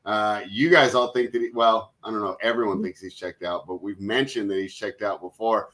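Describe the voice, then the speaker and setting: Bright-voiced man hosting a betting show. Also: fairly low pitch, fairly quick, poor audio. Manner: joking, self-described hater. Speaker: host. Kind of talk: casual sports betting chat.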